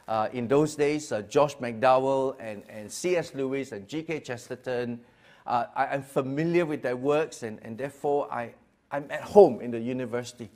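A middle-aged pastor telling his story to a gathering. His voice sits at a medium pitch. He swings between quiet, low stretches and loud, lively ones, often repeating words as he goes. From Singapore. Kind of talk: personal testimony talk.

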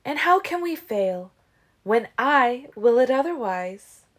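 A woman's voice: a little high, big pitch swings, slow, pitched above the performer's own voice, full character voice. A woman voicing a fierce, sarcastic female vampire leader in an audiobook reading. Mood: confident. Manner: sarcastic, forceful, laughing.

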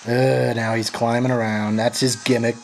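Exasperated male gamer narrating his hunt, cursing at his helpers, mid-pitched, faint hiss behind him. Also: flat delivery, normal speed, gravelly. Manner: frustrated, swearing, sarcastic. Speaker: gameplay commentator. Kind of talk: profane live gameplay commentary.

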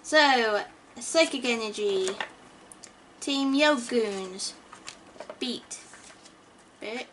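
A woman's voice: fairly high pitch, very slow, pauses often, a bit bright, a little hiss or hum. A woman casually talking through card packs as she opens them, chatty and stumbling over names, gasping at good pulls. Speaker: YouTuber opening trading card packs. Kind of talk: casual card-opening commentary.

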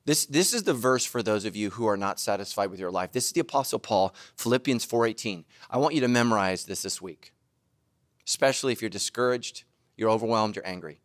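A middle-aged man preaching a sermon, self-mocking and animated, now and then bursting into shouts. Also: fairly low pitch, a little fast, no echo, clean studio sound. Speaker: pastor.

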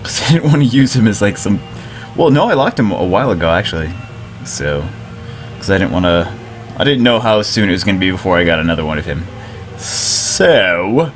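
A man giving excited commentary over a mobile game, giddy, loud and swearing, laughing as he plays. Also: on the low side, moderate pace, soft background music. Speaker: mobile game video creator.

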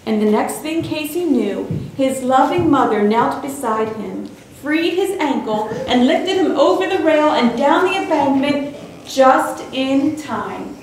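A woman reading a suspenseful children's story aloud in a church, with expressive storytelling. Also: high voice, measured pace, a little hiss or hum. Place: church sanctuary. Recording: very echoey hall, distant mic.

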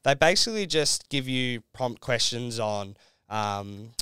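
A man's voice: mid-range voice, animated, unhurried, sharp tone, clean tone, no echo. A young Australian man telling a story as a podcast guest, laid-back and full of "like"s. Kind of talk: casual chat.

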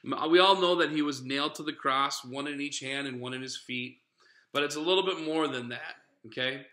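A man's voice: medium pitch, a little fast, sharp tone. Earnest conversational male preacher. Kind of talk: sermon. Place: church sanctuary. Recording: echoey church room.

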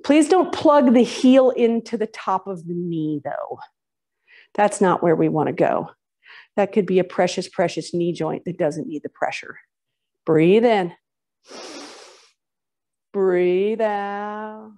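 A yoga instructor leads a live class in a dark, medium-pitched voice, speaking slowly with long pauses. Between breaths she gives chatty, encouraging cues as she moves in and out of poses, sometimes drifting off-mic.

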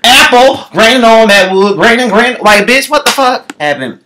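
A man delivering a sassy, profane comic rant, calling the listener "girl" and swooping his pitch around wildly. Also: expressive, normal speed, pushed and bright, a little hiss or hum. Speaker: comedian.

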